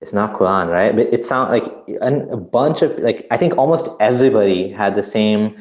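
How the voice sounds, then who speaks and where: A man co-hosting a casual podcast chat, telling stories in an animated, jokey way. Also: fairly low pitch, normal speed. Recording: roomy, dull lo-fi sound.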